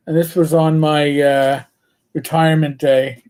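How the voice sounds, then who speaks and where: The live-stream host here is an older man whose fairly high, slightly mellow voice keeps a fairly even intonation at a somewhat slow pace. He chats easily, spinning joking, profane stories and often restarting them.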